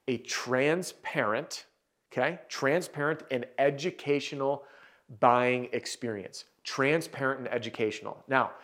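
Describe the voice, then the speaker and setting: Energetic male sales coach. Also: medium pitch. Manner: energetic, emphatic, coaching the viewer directly. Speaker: sales trainer for roofers. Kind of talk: instructional coaching talk to camera.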